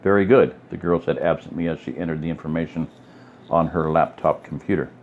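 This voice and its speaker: Deep-voiced man casually reading a story. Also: level tone, fairly quick, darkish tone, lo-fi sound, slight background noise. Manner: informal, with offhand asides and apologies. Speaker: audiobook reader.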